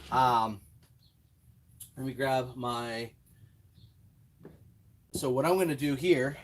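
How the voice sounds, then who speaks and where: A man hosting a hands-on build tutorial, chatting casually and talking himself through each step with self-deprecating asides, at a home workbench. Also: mid-range voice. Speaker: RC hobby tutorial host.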